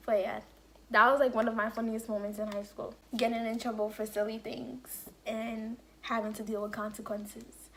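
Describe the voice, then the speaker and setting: A young woman vlogger telling a casual story, acting out quotes and saying "like" often. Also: on the high side. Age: young adult. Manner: animated storytelling with acted-out quotes and lots of "like". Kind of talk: casual story-time chat.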